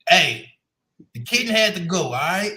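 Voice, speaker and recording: Man, radio sports co-host, high bright voice, laid-back casual storytelling. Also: very animated, normal speed.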